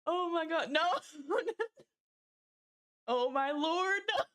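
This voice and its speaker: A woman's voice: very high-pitched, drawn-out words, fairly bright tone. A woman livestreamer chatting casually, reading chat jokes aloud with frequent giggles and short exclaimed protests.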